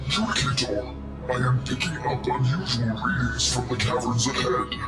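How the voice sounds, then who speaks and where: A man voicing a calm officer delivering clipped sensor reports. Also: medium pitch, moderate pace, over music, close to an everyday voice. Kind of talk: game cutscene voice acting. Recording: roomy echo.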